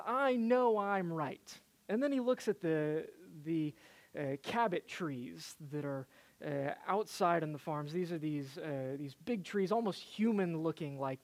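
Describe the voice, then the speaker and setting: Preacher telling an old story, lots of uhs and restarts, mid pitched. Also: a little mellow. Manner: hesitant, lots of "uh" fillers and restarts. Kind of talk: sermon storytelling.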